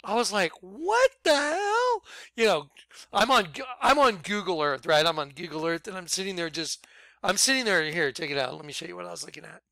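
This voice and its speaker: Brief: high, gravelly man telling a rambling testimony, dry close sound. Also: quick pace, no echo. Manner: excitable, rambling, bursts into shouts. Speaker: ministry leader. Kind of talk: excited personal testimony.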